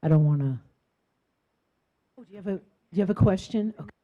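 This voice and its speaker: A woman moderating a panel, friendly and quick to laugh. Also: medium pitch, dull audio.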